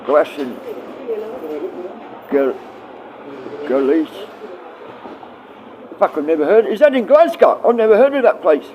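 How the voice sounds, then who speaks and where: Rambling, high-pitched man on a livestream. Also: animated, unhurried, pauses often, muffled recording, slight background noise. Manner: rambling, swearing, casual and blunt. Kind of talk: rambling livestream chat, answering viewers.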